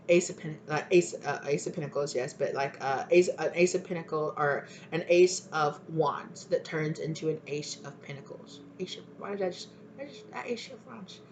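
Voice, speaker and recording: Woman tarot reader, lowish voice, chatty and lively, faint background noise. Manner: chatty, animated, keeps asking "right?". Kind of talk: casual spiritual reading to camera.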